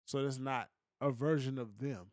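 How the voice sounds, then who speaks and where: A man co-hosting a podcast, giving his opinions in a relaxed, slangy, casual chat. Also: medium pitch, moderate pace, no room sound, clean studio sound. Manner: laid-back, opinionated, slangy. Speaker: podcast co-host.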